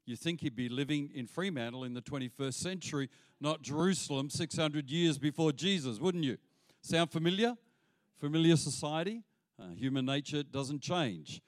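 A pastor preaches a sermon with animation, acting out the voices of those he quotes. His voice sits a little high, his pace is moderate, and the recording is dry.

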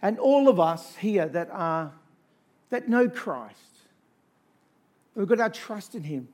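A male pastor preaching a sermon to a congregation, shifting between soft storytelling and loud, rousing exhortation built on repeated lists. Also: high voice, animated, takes it slowly. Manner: emphatic, repetitive lists.

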